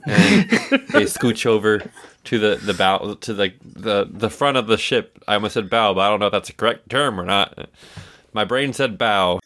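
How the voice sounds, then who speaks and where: A man playing in a tabletop role-play game, rambling and halting, with many fillers. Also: fairly low pitch, animated, a bit bright. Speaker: player.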